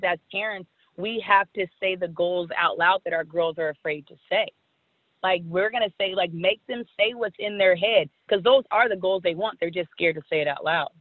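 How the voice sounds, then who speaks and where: A woman in her thirties from California, a former softball player telling stories as a guest and acting out old conversations with animation. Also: fairly low pitch, no room sound. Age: 30s. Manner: animated, acts out past conversations. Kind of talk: storytelling interview. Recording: tinny phone-like call line, dry.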